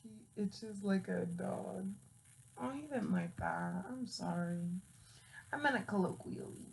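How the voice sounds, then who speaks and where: Laughing woman with a gravelly voice. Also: mid-range voice, slow, a little mellow. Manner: laughing often, scolding her cat, swearing freely. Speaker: vlogger. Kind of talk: casual chat to camera.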